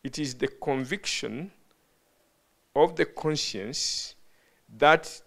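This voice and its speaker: A man's voice: fairly high pitch, takes it slowly, creaky, a bit bright. A man preaching a teaching sermon to a live audience in a hall, often calling questions out to listeners and stumbling over words. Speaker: bishop preaching.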